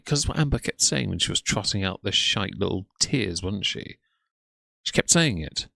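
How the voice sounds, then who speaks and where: Man with a gravelly, sarcastic voice. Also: deep voice, lively intonation, moderate pace, pushed and bright, dry recording. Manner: sarcastic, scornful, blunt. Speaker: commentary YouTuber. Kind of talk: mocking reaction commentary.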